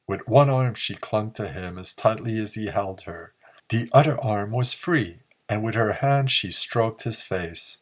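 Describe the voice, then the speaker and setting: A man narrating a pulp story in a slow, measured reading. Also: fairly low pitch. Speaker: audiobook narrator.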